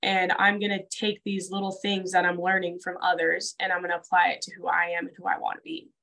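A woman's voice: fairly low pitch, monotone, fairly quick, gravelly, bright, forceful tone, rough recording. A woman co-hosting a casual conversation, talking earnestly with lots of "like" fillers. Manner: earnest, filler-heavy with frequent "like". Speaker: co-host.

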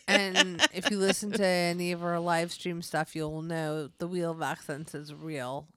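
A woman's voice: on the low side, flat delivery, a little slow, a bit bright, no room sound. A young woman from California co-hosting a podcast in casual chat. She laughs often and pokes fun at herself. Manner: laughs often, self-mocking, jokey. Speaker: podcast co-host.

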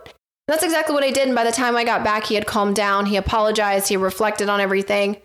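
A woman's voice: medium pitch, fairly even intonation, fast talker, fairly bright tone. Frank, self-assured woman telling a story. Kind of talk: casual chat.

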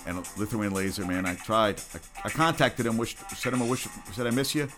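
A man with a fairly low voice hosts his own sports show, talking in a loose, rambling way. He is blunt and swears freely, and faint music plays behind him. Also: brisk. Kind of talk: casual sports rant.

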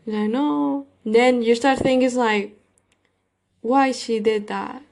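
A woman's voice: on the high side, fairly even intonation, a little slow, a little mellow. A woman hosting her own podcast, talking casually and rambling, with many fillers and loose grammar. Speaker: podcast host. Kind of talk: casual solo podcast monologue.

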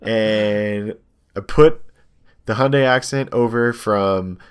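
Casual storyteller: young guy, lowish voice, animated and rambling with lots of filler words. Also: slow, clean tone. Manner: rambling, animated storytelling with many ums and likes. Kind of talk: casual chat, telling a story.

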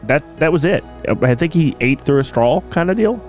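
A man's voice: a little high, expressive, moderate pace, a little mellow, soft background music. A man hosting a casual comedy podcast, joking around and hamming it up. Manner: joking, hammy, breaks into mock French greetings. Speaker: podcast host.

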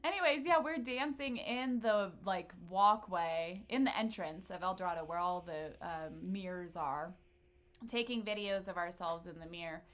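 A woman's voice: on the low side, normal speed, fairly bright tone. A woman in her early thirties co-hosting a podcast, telling stories in loose casual chat with lots of laughing and swearing. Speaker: podcast co-host.

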